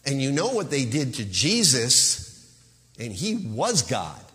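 A man's voice: mid-range voice, huge pitch swings, slow, fairly bright tone, big-room sound. A male pastor preaching an earnest, emphatic sermon with a warning tone.

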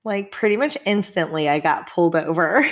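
A woman's voice: on the low side, expressive, normal speed. A woman in her twenties telling candid personal stories in casual chat, swearing freely and acting out the people she quotes. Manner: candid, swearing, laughing, acts out quoted dialogue.

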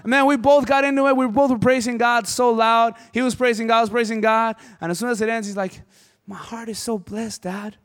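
A man's voice: extremely high pitch, steady tone, fast, hardly any pauses, a bit bright, clean tone. A man preaching a sermon as pastor, impassioned and conversational. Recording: hall reverb.

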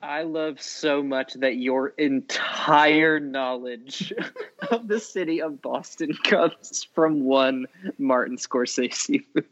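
Slow-talking man on a dull lo-fi mic. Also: mid-range voice, fairly bright tone. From New England. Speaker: podcast co-host. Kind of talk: casual podcast banter. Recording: dull lo-fi audio.

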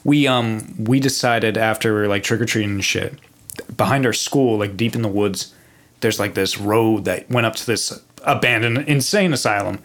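A man's voice: lowish voice, normal speed, a bit bright. A young man telling a spooky story as a podcast guest, rambling and profane, with lots of fillers and restarts. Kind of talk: casual storytelling.

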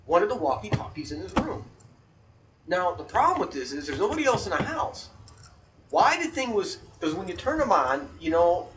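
Bright-voiced guy ranting a story, cussing, heard from a bit far off. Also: sits high, normal speed, slight background noise. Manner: profane, animated storyteller, shouts quoted outbursts. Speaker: podcast co-host. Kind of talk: casual storytelling chat.

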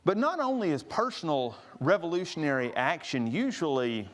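A man's voice: a little high, sing-song, moderate pace. A man preaching a sermon, earnest, rising to stress each scripture he quotes. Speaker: pastor.

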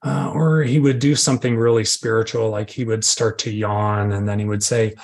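A man's voice: lowish voice, fairly even intonation, moderate pace, hardly any pauses. A middle-aged man giving a candid, self-deprecating recovery share, acting out his own inner voices. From Arizona, USA. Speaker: recovery speaker.

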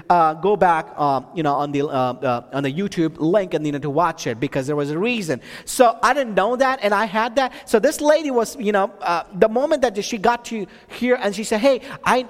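A man with a high voice tells a personal story as a sermon, full of restarts and fillers before it builds to emphatic preaching. His voice carries a long reverb, as if it was recorded in a large hall. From Texas. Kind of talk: sermon testimony.

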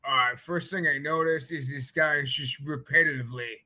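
Guy rambling through funny stories, lots of likes and ums, kinda high bright voice. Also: fairly even intonation, brisk, rough recording. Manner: loose, rambling storytelling with many fillers. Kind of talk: casual podcast chat.

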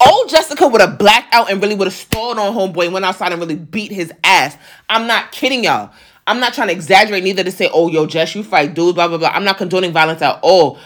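A woman recounts a run-in to her viewers, her voice sitting at an ordinary middle pitch. She talks casually and emphatically, leaning on slang and repeated asides to the audience. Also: lively intonation, fast, a bit bright. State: on the verge of tears. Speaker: vlogger telling a personal story.

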